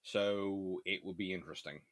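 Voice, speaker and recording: A man with a lowish voice runs a relaxed live Q&A, reading out viewer questions and answering them in an easy, offhand way. He talks while eating between remarks. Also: moderate pace. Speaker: host and naval historian. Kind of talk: casual live Q&A chat.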